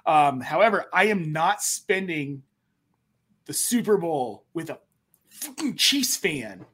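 A man from Denver co-hosting a casual sports podcast, blunt and emphatic and quick to swear. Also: on the high side, very animated, a bit bright, slightly rough. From Denver, USA. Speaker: podcast co-host.

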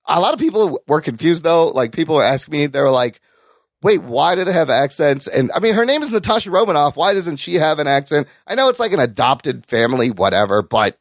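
A man's voice: fairly high pitch, fairly quick, dry recording, studio quality. A man co-hosting a podcast, chatting casually with plenty of swearing and reading out listener comments. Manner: animated, profane banter, reads listener comments. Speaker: podcast co-host. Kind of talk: casual chat.

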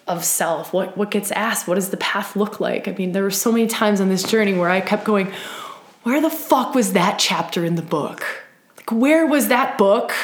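An earnest woman leads a live spiritual circle, speaking at a middle pitch with a lot of emphasis. She often checks in with "right?" and restarts her sentences. Her voice echoes in the room around her. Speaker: circle leader. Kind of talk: live-streamed spiritual talk.

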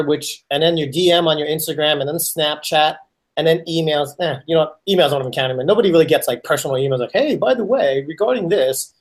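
A man co-hosting a podcast, chatting loosely with lots of fillers. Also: a little high. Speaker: podcast co-host. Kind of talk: casual chat.

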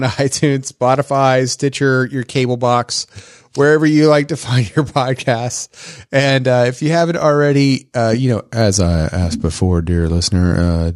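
A man hosting a tech podcast, relaxed and joking as he rambles through the outro. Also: mid-range voice, dry recording, clean studio sound. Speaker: podcast host. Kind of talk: casual chat.

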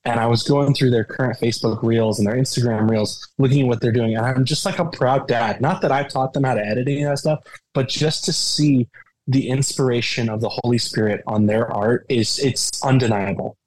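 A man talking earnestly as a podcast guest, telling stories with animated emphasis. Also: medium pitch, brisk, dry recording, poor audio. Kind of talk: conversational interview.

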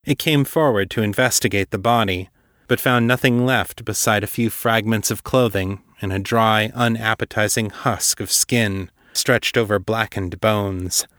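A man hosting a podcast, reading a dark fantasy story as scripted narration in a measured, deliberate way. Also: on the low side, steady tone, no room sound, studio quality.

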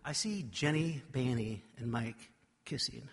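A man preaching a sermon, telling a childhood story with animated, self-mocking delivery before turning to scripture. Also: medium pitch, measured pace, breathy edge. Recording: long reverb of a large hall.

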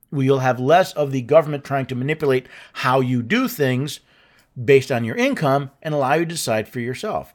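A man hosting a show, explaining his points in a casual, conversational way with fillers and restarts. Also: mid-range voice. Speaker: host. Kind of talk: explanatory commentary.

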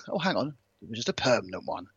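A sardonic man riffs and jokes through a casual motorsport chat. His voice is husky, with a lively, bouncing pitch. The sound is dry and a little muffled. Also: fast talker, no echo. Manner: sardonic, jokey, laughs often. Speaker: co-host.

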